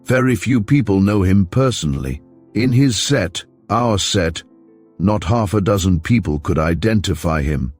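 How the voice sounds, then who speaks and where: A cold, guarded ex-convict weighing every word, as a male narrator voices him. He speaks coolly and deliberately in a very deep register, with soft music underneath. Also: lively intonation. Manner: cool, clipped, deliberate. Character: cold, guarded young man back from prison.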